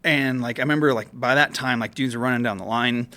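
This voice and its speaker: A man's voice: medium pitch, fast talker, bright, forceful tone. A man guest on a podcast, telling a story in a casual, profane way full of fillers. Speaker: guest, military veteran. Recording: podcast studio mic.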